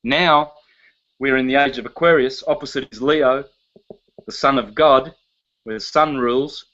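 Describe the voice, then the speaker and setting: A man's voice: mid-range voice, measured pace, a bit bright, muffled recording. A man lecturing to a live audience in an emphatic way, listing terms one by one and asking rhetorical questions.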